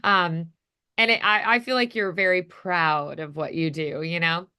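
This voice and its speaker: A woman coaching a voice acting student with a bright, crisp voice that sits a little low. She talks in a chatty, casual way, full of "you know" and "like". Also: fairly even intonation, measured pace.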